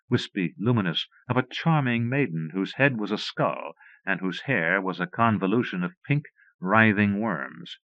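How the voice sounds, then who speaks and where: A man reading a horror fantasy story aloud in measured, steady narration. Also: fairly low pitch, no echo. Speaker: audiobook reader. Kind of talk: scripted narration. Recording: muffled dry cassette recording.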